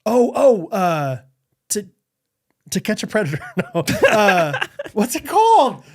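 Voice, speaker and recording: Giggly podcast co-host, lively voice. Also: male voice, high-pitched, takes it slowly. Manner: giggly, hesitant, lots of ums. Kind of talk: casual quiz banter.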